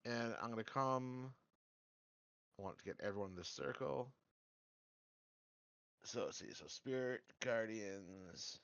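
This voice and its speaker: Eager, bright-voiced man declaring moves. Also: lowish voice, unhurried, long pauses, clear, resonant tone, no echo. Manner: eager, swears casually. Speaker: player. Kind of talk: casual tabletop game play. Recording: slightly muffled lo-fi audio.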